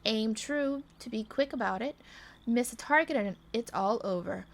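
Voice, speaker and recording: A woman's voice: a little high, very animated, normal speed, bright, forceful tone, exaggerated voice. A woman voicing a sly frontier gunslinger and gambler while reading game dialogue aloud, in plain frontier talk. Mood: easygoing.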